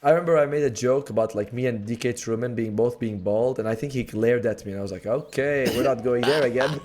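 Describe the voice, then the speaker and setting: A man giving relaxed, joking color commentary on an esports match. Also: mid-range voice, quick pace. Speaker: esports co-caster.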